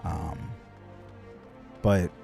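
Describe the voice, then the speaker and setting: A man's voice: very slow, warm tone, faint music behind. A man chatting casually on a live stream, rambling and swearing, with many fillers.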